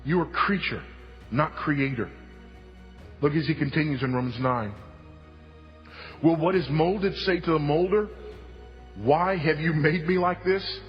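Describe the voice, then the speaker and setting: A man preaching a sermon with emphasis, repeating key lines and moving between hushed and loud delivery. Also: fairly high pitch, measured pace, pauses often, big-room sound, muffled recording, faint music behind. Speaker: pastor. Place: church sanctuary.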